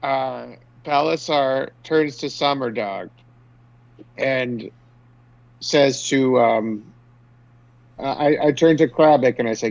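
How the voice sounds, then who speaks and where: A man's voice: mid-range voice, slow pace, creaky, pauses often, a little mellow, lo-fi sound. A man playing a tabletop game, speaking his character's stern lines. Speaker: player. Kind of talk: casual tabletop role-play.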